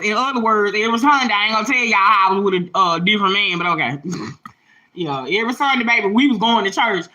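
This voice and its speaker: Lively, bright-voiced woman storyteller. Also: mid-range voice, fast talker, poor audio. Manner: animated, laughing, swearing, addresses viewers as y'all and baby. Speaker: livestream host. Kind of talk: casual storytelling to viewers. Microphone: phone or webcam livestream.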